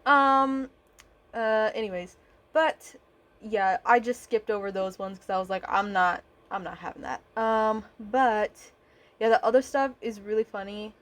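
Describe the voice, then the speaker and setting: A young woman talks through a painting video in an easy, rambling way, with plenty of ums, likes and swearing. Her voice sits a little high for a woman. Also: measured pace. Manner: rambling, swearing, lots of fillers. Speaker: vlogger. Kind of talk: casual chat over painting footage.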